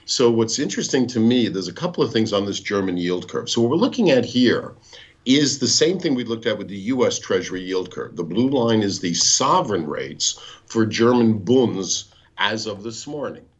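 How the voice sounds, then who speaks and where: A man guiding listeners through charts on a live show, patient and teacherly. His voice is slightly husky and moves up and down a lot. The call audio sounds dull and lo-fi. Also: fairly low pitch, animated, normal speed. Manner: patient, teacherly, explains step by step. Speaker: guest bond market expert. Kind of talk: explaining charts in a live talk.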